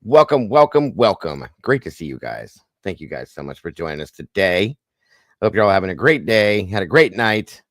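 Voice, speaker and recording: A man's voice: low voice, lively intonation, normal speed, a bit bright, dry recording, clean studio sound. A man hosting a casual livestream chat, goofy and corny, greeting viewers by name. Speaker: livestream host.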